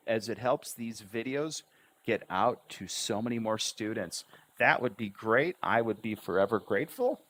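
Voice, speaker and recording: With a lowish, husky voice, an English tutor gives a livestream language lesson. He emphasizes every syllable and stretches out his intonation.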